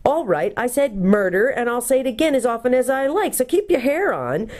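A woman's voice: on the high side, sing-song, a little fast, darkish tone, pitched above the performer's own voice. A woman voicing an eager, bossy English schoolgirl in a storybook reading. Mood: impatient.

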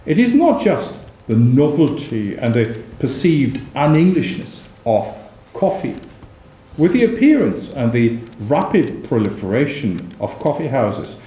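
Male professor, unhurried academic lecture, lively intonation, dark voice, roomy room sound. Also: medium pitch, a little hiss or hum. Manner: measured, reads period verse aloud with emphasis. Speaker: visiting professor giving a lecture.

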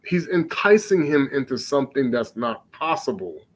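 Man preaching on scripture, mid-pitched voice, reads archaic verses slowly and comments emphatically with constant rhetorical questions. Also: very animated, low-quality recording. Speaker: religious teacher.

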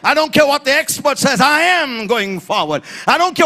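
A man preaching an emphatic sermon in church, building to shouted refrains and calling on the congregation to repeat after him. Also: very high-pitched, big pitch swings, moderate pace, few pauses. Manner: emphatic preaching, rising to shouts, call-and-response. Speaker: pastor.

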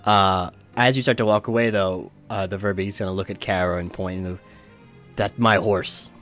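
A man acting as game master, narrating a tabletop game in a halting way with many fillers. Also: sits low, little pitch movement, a bit bright, soft background music.

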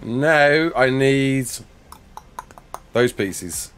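A man's voice: mid-range voice, lively intonation, drawn-out words, fairly bright tone, a little hiss or hum. A man streaming a game live, chatting and joking with viewers, laughing often, on a headset mic. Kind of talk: live gameplay chat.

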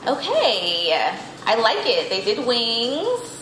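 A woman's voice: on the high side, huge pitch swings, slow, background noise. A woman from Los Angeles talking about her cooking in an interview clip, upbeat and enthusiastic. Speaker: home cook in an interview clip. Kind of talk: interview talk. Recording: echoey with music behind.

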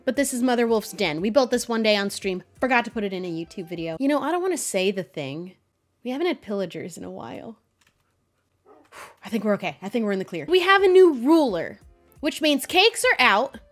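A woman's voice: medium pitch, expressive, fast, faint music behind. A young woman chatting playfully as she commentates her building game, talking to the animals in it. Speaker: Minecraft streamer. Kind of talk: casual gameplay commentary.

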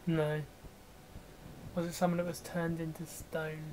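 A man's voice: on the high side, completely flat delivery, unhurried, darkish tone, rough recording. A young man chatting casually beside a friend playing a game, easygoing with dry jokes. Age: young adult. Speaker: guest friend. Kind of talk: casual chat.

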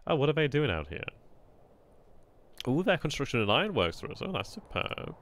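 A man casually commentating as he plays a strategy game, chatty and excitable, often laughing at himself. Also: mid-range voice, brisk, slight background noise. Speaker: gameplay commentator. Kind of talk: casual let's-play commentary.

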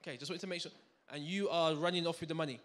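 A man giving a live finance seminar to a room audience, energetic and full of banter, quizzing the crowd. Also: fairly high pitch, very fast. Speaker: seminar speaker.

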